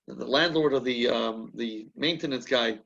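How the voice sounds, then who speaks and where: A man's voice: mid-range voice, moderate pace, a bit bright, muffled recording. A man leading a rabbinic class, telling a story in a chatty way and often restarting his sentences as he thinks aloud. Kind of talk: conversational teaching with anecdotes.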